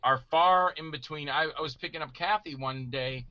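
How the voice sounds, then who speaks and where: A middle-aged man telling stories in casual chat, animated and acting out voices he quotes. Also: fairly high pitch, moderate pace, dry recording, lo-fi sound. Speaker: guest actor telling stories.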